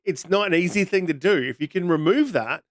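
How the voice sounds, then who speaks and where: A man's voice: sits high, lively intonation, brisk, dry recording, clean studio sound. A man co-hosting a gaming podcast, rambling and sarcastic, full of "like"s and jokes. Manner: joking, sarcastic, rambling with lots of likes. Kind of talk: casual podcast chat.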